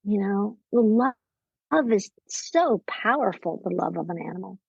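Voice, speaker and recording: Woman, psychiatrist guest, lively storytelling, mid-pitched voice, dry, slightly muffled recording. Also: normal speed, gravelly, breathy edge, dry recording. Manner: warm-hearted storytelling, lively, quotes people in acted voices. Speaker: psychiatrist and parenting expert, guest. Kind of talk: podcast interview conversation.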